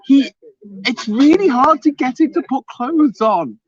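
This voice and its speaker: A man's voice: very high voice, a little slow. A man co-hosting a live stream, teasing his co-host and reading out super chats in casual banter. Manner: teasing, jokey, animated. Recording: slightly dull lo-fi stream audio.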